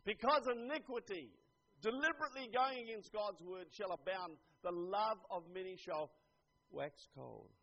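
An older man preaching a sermon, earnest, dropping to a hush and then rising to emphatic lines. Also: high voice, moderate pace. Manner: earnest, swings from hushed to emphatic. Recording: dull lo-fi recording.

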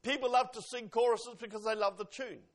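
An older man preaching a sermon in a church, earnest and pausing, with rising and falling emphasis. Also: extremely high pitch, fairly even intonation.

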